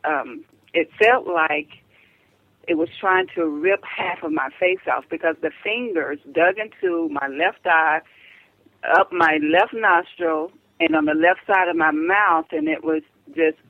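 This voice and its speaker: An older woman calling in as a radio interview guest, speaking earnestly and haltingly with frequent restarts. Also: low-pitched, dry recording. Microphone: telephone. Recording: dull, dry phone line.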